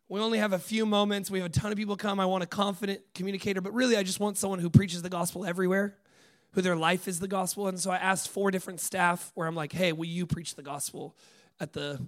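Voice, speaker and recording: A man preaching a sermon, telling stories with lively acted-out dialogue, dropping to hushed lines and rising to loud bursts. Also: sits high. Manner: animated storytelling, acts out dialogue, swings from hushed to loud.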